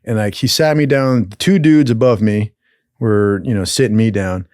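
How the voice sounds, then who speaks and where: A man's voice: fairly low pitch, normal speed, a little mellow, no echo, clean studio sound. A man telling a rambling, profane story in casual talk, laughing often along the way. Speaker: storyteller host.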